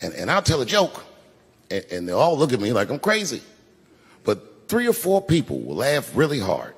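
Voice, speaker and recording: A man's voice: medium pitch, huge pitch swings, moderate pace. A man in his forties doing a laid-back, self-deprecating stand-up set on a stage before a large audience. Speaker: stand-up comedian. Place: large venue with a crowd. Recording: live hall with crowd noise. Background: audience laughter.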